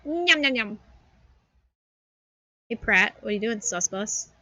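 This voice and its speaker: A woman in her thirties with a bright, sharp, fairly high voice talks herself through her game moves on a live stream. Her pitch swings widely as she chatters. The sound is dry and close to the mic. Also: lively intonation, slow pace, no room sound. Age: 30s. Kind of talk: live gaming commentary.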